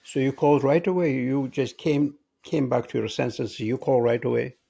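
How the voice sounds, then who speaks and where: A male interviewer with a gravelly, husky voice. He chats casually and asks eager follow-up questions, checking he has understood. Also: medium pitch, fairly even intonation, moderate pace, mellow. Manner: curious, asks follow-up questions, light laughs. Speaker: interview host. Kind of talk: conversational interview.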